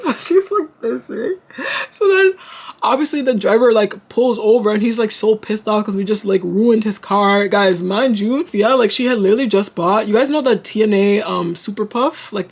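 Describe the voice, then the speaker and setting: A young woman from Canada, telling a storytime to her vlog audience in an animated, slangy way full of fillers. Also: mid-range voice, breathy edge. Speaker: vlogger. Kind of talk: casual storytime.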